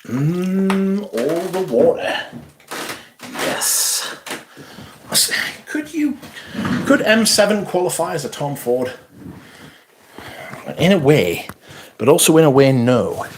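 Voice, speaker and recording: A man's voice: a little high, very animated, slow, long pauses, noisy background. A man hosting a casual livestream, reading viewer comments aloud and rambling in a self-deprecating way. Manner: rambling and self-deprecating, trailing off mid-thought. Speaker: fragrance livestream host.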